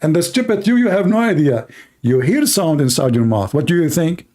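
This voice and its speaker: In a mocking, sarcastic satirical monologue, a livestream host addresses viewers in broken English. His voice is a little high with a darkish tone, very animated and a little fast.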